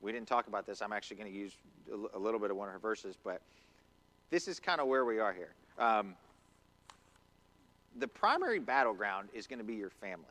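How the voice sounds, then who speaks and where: A man's voice: lowish voice, sing-song, a little fast, fairly bright tone. A man preaching a conversational sermon in a church, acting out quotes as he goes. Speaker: pastor. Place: church sanctuary.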